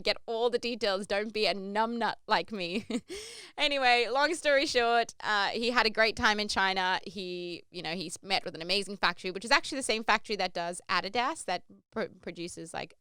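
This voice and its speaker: A woman's voice: medium pitch, pushed and bright, smooth, dry recording. A young woman hosting a podcast, telling a travel story in a chatty way and acting out the quotes, with lots of "like". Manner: chatty, says "like" often; acts out quoted lines. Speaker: podcast host. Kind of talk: casual storytelling monologue.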